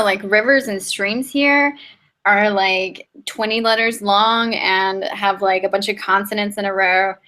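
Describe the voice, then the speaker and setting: Easygoing Mississippi-raised woman hosting a chat, bright and tense-edged tone. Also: medium pitch, rough recording. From Mississippi, US South. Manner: easygoing, musing, filler-heavy. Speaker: host. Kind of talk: casual live-stream chat.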